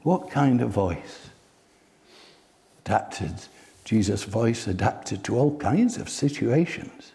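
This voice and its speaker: A male preacher delivering a sermon at an unhurried pace. His voice has a gravelly edge, and he swells to loud, emphatic peaks before dropping back down. His pitch sits in a middle range for a man. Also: expressive.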